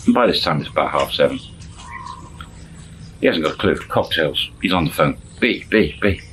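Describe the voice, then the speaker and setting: A man with a very deep voice tells a casual story and chuckles along the way. He acts out the dialogue in shifting voices. A faint hiss runs under the recording. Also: expressive, moderate pace, fairly bright tone, poor audio. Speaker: storyteller channel host.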